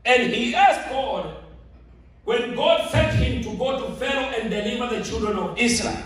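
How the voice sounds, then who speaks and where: A pastor with a very high voice delivers a slow, emphatic sermon. He repeats key phrases for weight. The sound carries a strong echo from a large auditorium, picked up from some distance away. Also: expressive, a bit bright. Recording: very echoey hall, mic at a distance.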